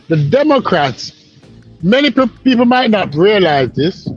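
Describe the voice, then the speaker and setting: A man from the Caribbean calling into a live stream, speaking earnestly and in a lecturing way, often repeating himself. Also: high voice. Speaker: caller on a live stream panel. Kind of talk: casual political discussion. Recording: dull lo-fi call audio.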